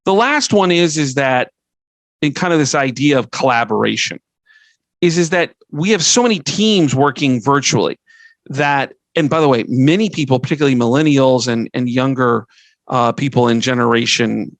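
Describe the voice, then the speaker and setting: A man's voice: mid-range voice, normal speed, no room sound, low-quality recording. A middle-aged man hosting a podcast, giving earnest advice in a conversational way, listing his points and often restarting a sentence. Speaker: podcast host and fundraising consultant.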